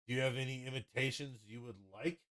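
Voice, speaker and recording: Male streamer, mid-pitched voice, blunt and profane, dry close-mic sound. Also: fairly even intonation, fairly quick, fairly bright tone, no echo. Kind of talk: casual livestream chat.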